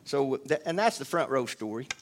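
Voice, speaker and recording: A man's voice: medium pitch, expressive, normal speed, a little hiss or hum. A man giving a rambling, earnest spoken testimony to a church audience, full of restarts and asides.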